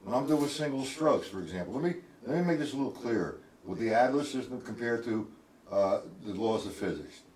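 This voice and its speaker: A man's voice: medium pitch, animated, fairly quick, darkish tone. A man teaching a live-streamed drum lesson, counting strokes aloud as he plays and calling on viewers by name. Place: indoor room, live stream. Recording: roomy, distant mic with clear noise.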